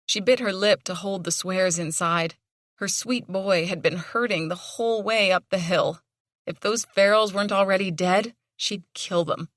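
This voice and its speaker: Low-voiced woman narrating an audiobook. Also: steady tone, a bit bright, no room sound, clean studio sound. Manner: measured storytelling with dramatic tension. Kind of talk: scripted narration.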